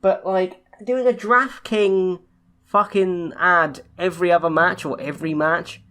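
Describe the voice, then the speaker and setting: A woman's voice: lowish voice, steady tone, measured pace, fairly bright tone. A young woman co-hosting a casual podcast chat, ranting in exasperation and swearing often. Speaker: podcast co-host.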